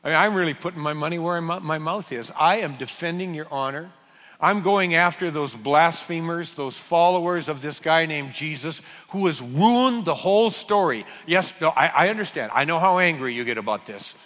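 Preacher doing Saul: a boastful zealot, bright and lively, echoing in a big hall. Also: male voice, fairly high pitch, moderate pace. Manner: boastful, chatty, self-important. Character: Saul, a zealous self-assured male persecutor. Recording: long hall reverb.

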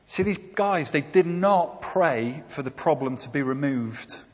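A man's voice: fairly high pitch, expressive, a little slow, darkish tone, breathy edge. A man giving a conversational sermon with slides, often asking his listeners tag questions. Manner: conversational, asks the congregation tag questions, hesitant fillers. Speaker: preacher. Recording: dull, echoey hall recording.

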